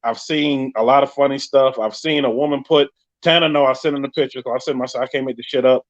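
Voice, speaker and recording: A man with a New York accent hosting a casual live podcast, telling stories in an animated, joking way. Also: mid-range voice, fast. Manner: animated storytelling with frequent laughs. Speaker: podcast host. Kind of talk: casual live-stream chat. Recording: muffled lo-fi live stream audio.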